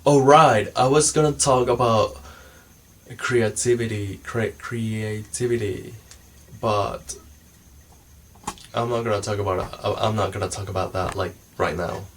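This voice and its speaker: A man's voice: on the low side, unhurried, slight background noise, poor audio. A man talking casually to camera in a meandering, self-mocking way, losing his thread and filling gaps with ums. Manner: meandering, forgetful, self-mocking, many fillers. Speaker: vlogger. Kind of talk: casual rambling monologue.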